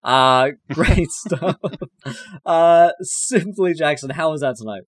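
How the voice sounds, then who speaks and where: A man's voice: fairly high pitch, slow, no room sound. Brief: male stream host, hyped and profane, close dry mic. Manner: excitable, swears freely. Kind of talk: casual stream wrap-up.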